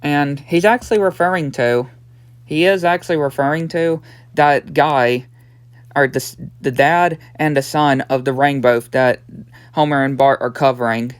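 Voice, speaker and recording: 19 yr old guy rambling thru an episode recap, lots of yeah and and, smooth voice. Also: a little high, fairly even intonation, normal speed, dry recording. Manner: rambling, full of "yeah" and "and" fillers. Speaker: episode reviewer.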